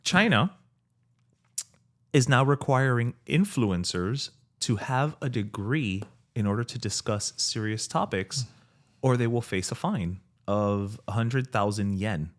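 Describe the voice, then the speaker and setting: A man co-hosting a podcast, holding forth in animated rants. His voice sits at an ordinary middle pitch. He slips into mocking impressions of people he quotes, then returns to casual chat. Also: unhurried. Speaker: podcast co-host.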